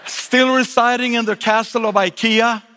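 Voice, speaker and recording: A middle-aged man from Sweden with a Swedish accent, preaching a lively sermon with joking asides and frequent restarts. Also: very high-pitched, moderate pace, slight background noise. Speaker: guest pastor. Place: large church auditorium. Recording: live sermon with long hall reverb.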